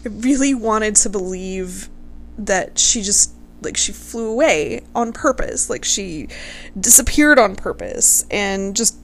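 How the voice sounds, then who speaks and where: A woman's voice: medium pitch, animated, takes it slowly, a little hiss or hum. A woman casually telling a history story to her viewers, gushing over her subject, swearing freely and close to tears.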